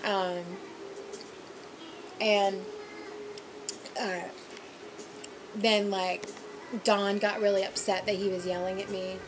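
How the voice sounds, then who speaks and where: A woman's voice: mid-range voice, takes it slowly, long pauses, noisy background. A young woman who works as a server, casually telling a story about a rude customer with lots of fillers. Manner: animated, mimics people in loud quoted voices, many fillers.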